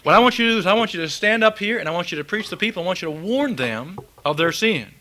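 Preacher guy, fiery sermon, reads scripture in a folksy way, kinda high-pitched. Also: animated, very fast, pushed and bright.

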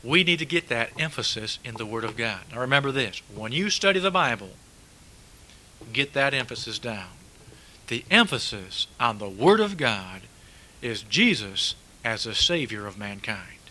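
Bright-toned preacher man, emphatic. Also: mid-range voice, very animated, normal speed, rough recording. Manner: emphatic, repeats key words, rhetorical questions. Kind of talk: sermon.

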